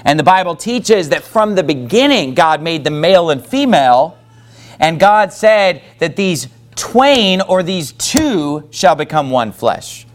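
A man's voice: fairly high pitch, big pitch swings, unhurried. A man preaching a sermon who reads scripture aloud and breaks into casual asides. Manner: preaching with rising emphasis, reads scripture in King James wording; conversational asides with fillers. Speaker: pastor.

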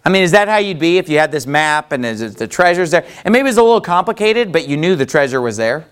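Guy preaching a sermon, high voice, really bouncy and animated, lots of rhetorical questions. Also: fairly quick, hardly any pauses, smooth. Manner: reads scripture in old-fashioned wording. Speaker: pastor.

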